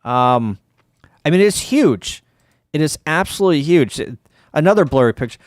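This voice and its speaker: A middle-aged man hosts a casual ham radio livestream, sounding tired and rambling, with lots of ums, restarts and wry asides. His fairly high voice has lively intonation at normal speed, with long pauses, recorded in clean studio sound with no echo.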